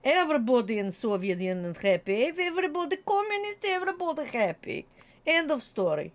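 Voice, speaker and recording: A smug, boasting strongman who talks in broken English and sing-songs his slogans. A woman puts him on mid-stream, her pitch riding high. He sneers at everyone else's way of life. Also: big pitch swings, normal speed, gravelly, a bit bright, full character voice. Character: gloating mock-Russian communist strongman, older man.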